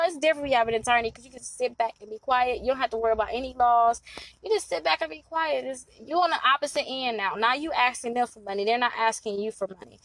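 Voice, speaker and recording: Chatty woman from Milwaukee, credit advisor talking to camera, higher pitch, dry close sound. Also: no echo, poor audio. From Milwaukee, Wisconsin. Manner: chatty, laughs often, acts out clients' voices. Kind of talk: casual to-camera advice talk.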